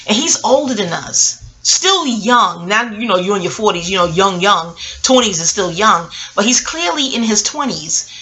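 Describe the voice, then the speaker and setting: Bright-voiced New woman telling stories. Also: mid-range voice, moderate pace, hardly any pauses, low-quality recording. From New York. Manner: animated, profane, street slang, talks straight to viewers. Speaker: vlogger. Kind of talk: casual storytelling.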